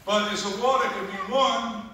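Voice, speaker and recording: A man's voice: high voice, moderate pace, noisy background. Emphatic man speaking in a church. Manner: emphatic, repeats phrases for effect. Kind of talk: speech to a congregation. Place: large echoey church. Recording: echoey hall, heard from far off.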